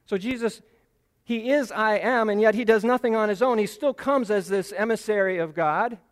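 In a big hall with a long, ringing reverb, a man with a rather high voice delivers an earnest Bible teaching sermon that explains as it goes. He slows his pace and leans on key phrases to make them stick.

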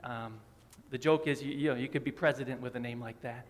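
A man's voice: mid-range voice, fairly even intonation, brisk, a little hiss or hum. A man preaching a sermon in a church, friendly and joking with the congregation. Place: church sanctuary. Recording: long hall reverb.

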